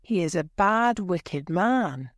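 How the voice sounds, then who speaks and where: A woman's voice: fairly low pitch, lively intonation, takes it slowly, dry recording, studio quality. A woman voicing a furious male lord who barks harsh commands. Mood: angry commanding.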